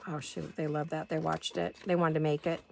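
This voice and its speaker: Low, gravelly-voiced woman in her sixties. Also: level tone, fairly quick. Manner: chatty and rambling, thinking aloud. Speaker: craft video host. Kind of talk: casual chat while crafting. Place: home craft studio.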